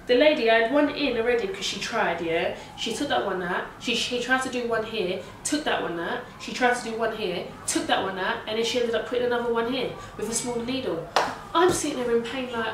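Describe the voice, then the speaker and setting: A young woman, casually retelling a story in an animated, slangy way full of swearing. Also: a little high, fairly quick, hardly any pauses, background noise. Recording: echoey room heard from a distance.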